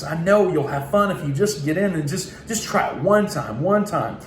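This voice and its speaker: A young man from Oklahoma giving a motivational keynote, energetic and telling a story while acting out the voices in it. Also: a little high, moderate pace. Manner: energetic, acts out voices in his stories. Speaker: keynote speaker. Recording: echoey room, faint ambient noise.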